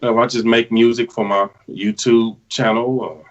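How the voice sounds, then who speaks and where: A man's voice: medium pitch, flat delivery, moderate pace, dull audio. A man talking as a guest on a live stream, laid back and answering briefly. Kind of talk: casual live-stream chat.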